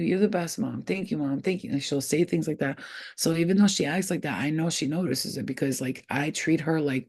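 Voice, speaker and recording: Brief: thirties woman, astrology reader on a livestream, blunt, profane, chatty and animated. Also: low voice. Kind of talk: casual livestream chat and reading.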